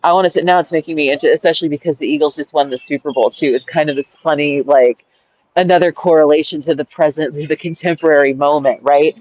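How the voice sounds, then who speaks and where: A deep-voiced woman reads and comments on her own story at a quick pace with fairly even intonation and a slightly mellow quality, digressing and giggling, peppered with "like" and "right?" The casual reading is captured on a dry close mic with dull lo-fi home sound.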